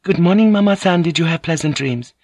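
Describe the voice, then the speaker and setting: A man's voice: on the high side, brisk, a little mellow, no room sound, voice pushed up. A man reading a novel aloud and voicing a young, graceful courtesan who speaks gaily and lightly. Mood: bright. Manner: gay, light. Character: young, graceful courtesan woman, gay and poised.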